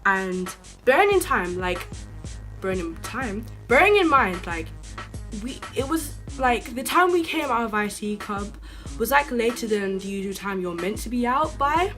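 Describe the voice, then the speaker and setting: A woman's voice: a little high, lively intonation, moderate pace, a bit bright, soft background music. A young woman telling a storytime vlog in a chatty, indignant way, full of filler words. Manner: indignant, rising to outbursts. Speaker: vlogger.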